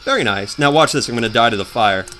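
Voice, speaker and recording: A man's voice: mid-range voice, fast talker, bright, forceful tone, soft background music. A young man rambling through casual, self-mocking commentary while he plays a game. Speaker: let's play host.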